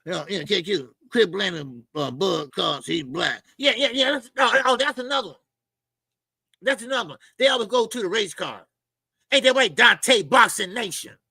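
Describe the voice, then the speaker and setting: Gravelly, blunt boxing-channel host. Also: male voice, high voice, animated, normal speed, sharp tone, dry recording. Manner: blunt, profane and mocking; repeats phrases, with frequent fillers. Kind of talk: opinionated boxing commentary rant.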